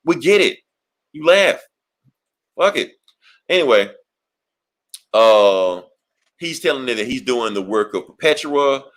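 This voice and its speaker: A man's voice: medium pitch, lively intonation, measured pace, pauses often, fairly bright tone. Profane, rambling male podcast host. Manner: rambling, profane, laughs often. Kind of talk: casual comic review chat.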